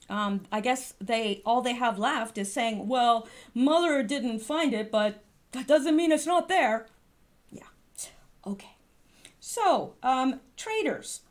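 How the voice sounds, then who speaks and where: A woman commenting on political posts in casual talk, sarcastic and full of rhetorical questions, with many fillers and asides. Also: high-pitched. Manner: sarcastic, talks back to absent figures with rhetorical questions.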